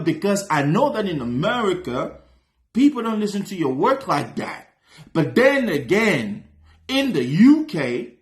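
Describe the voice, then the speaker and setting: A man hosting a reaction video, commenting casually on a rap track in a slangy, animated way, with bursts of excited shouting. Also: sits high, echoey room.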